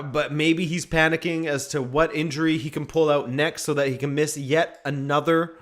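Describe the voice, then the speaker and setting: A man's voice: fairly high pitch, a bit bright. Chatty man commentating a watchalong. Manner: chatty, joking, reads viewer comments. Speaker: watchalong host. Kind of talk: casual live match commentary.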